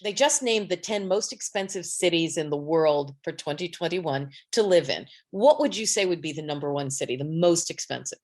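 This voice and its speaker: A woman co-host with a somewhat low voice, chatting in a playful, easygoing way. She laughs often and tells her stories with relaxed, conversational energy. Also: normal speed, hardly any pauses. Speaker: podcast co-host. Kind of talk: casual chat.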